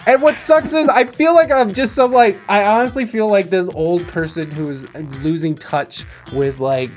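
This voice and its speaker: A rambling man hosts his podcast in a slightly high voice, cursing freely and tripping over his own restarts. Faint music sits quietly underneath. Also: moderate pace. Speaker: podcast host. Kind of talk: casual podcast chat.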